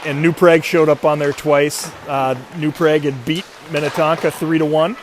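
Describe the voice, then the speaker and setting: A man's voice: fairly high pitch, little pitch movement, moderate pace, slight background noise. A man doing chatty, rambling commentary on a youth hockey livestream. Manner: rambling, chatty, self-mocking.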